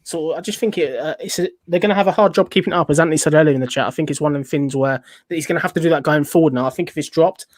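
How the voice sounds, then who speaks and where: A man in casual wrestling chat over a call, talking fast and cutting himself off mid-thought. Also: fairly high pitch, no echo, clean studio sound. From United Kingdom. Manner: fast, chatty, self-interrupting.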